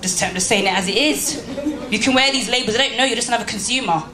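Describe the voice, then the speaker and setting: A woman with a high-leaning voice talks at a quick pace, giving an emphatic motivational speech to a live audience in a church hall and firing rhetorical questions at them. The hall sounds roomy, with faint background ambience.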